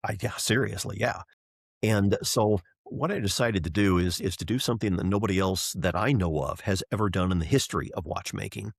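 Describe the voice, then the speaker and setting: Here a middle-aged man with a low-pitched, slightly rough voice and vocal fry speaks at a moderate pace. A race driver and entrepreneur on a podcast as a guest, he tells an enthusiastic story, acting out the voices of people he quotes. The sound is dry and clean, studio-quality.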